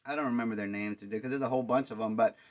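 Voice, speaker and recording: A man hosting a podcast, telling concert stories in a rambling, excitable way, full of fillers and slang. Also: medium pitch, racing. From Dallas, Texas. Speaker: podcast host. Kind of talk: casual storytelling monologue. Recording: dull lo-fi sound.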